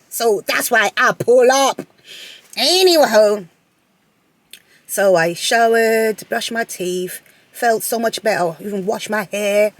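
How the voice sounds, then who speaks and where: A woman telling a personal story to her viewers in a casual, animated way, often repeating phrases and laughing. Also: medium pitch, no echo. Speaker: vlogger.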